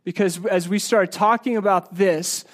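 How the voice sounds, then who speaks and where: A man from the United States preaching a sermon to his church, earnest, moving between loud emphasis and hushed, slow passages. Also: sits high, fairly even intonation. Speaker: pastor. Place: church sanctuary.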